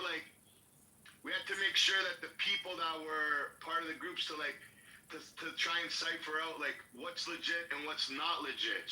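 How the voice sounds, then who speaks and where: A man telling a story on a podcast, animated and profane, with a very bright, forceful voice. He sounds a little off the mic in an echoey room, with faint noise behind him. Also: fairly high pitch, recorded from a distance. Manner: animated, swearing, acts out quotes in a raised voice.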